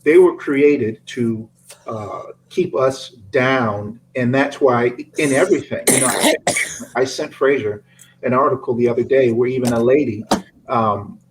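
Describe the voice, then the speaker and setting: A man's voice: mid-range voice, unhurried, noisy background. Earnest male podcast co-host. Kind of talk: casual podcast conversation.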